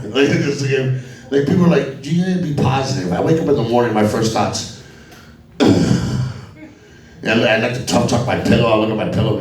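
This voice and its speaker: A man's voice: on the low side, darkish tone. A man from Alabama doing a crude, profane stand-up comedy set on a club stage. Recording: echoey club from a distance with crowd laughter.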